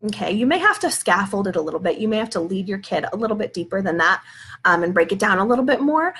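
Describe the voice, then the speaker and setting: A woman's voice: mid-range voice, sing-song, fast, fairly bright tone. A woman who is a parenting educator, giving a conversational live video talk and working through example dialogues.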